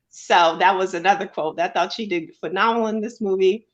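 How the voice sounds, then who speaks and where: A woman's voice: medium pitch, normal speed. A woman co-hosting a casual film review chat, talking in chatty, enthusiastic bursts.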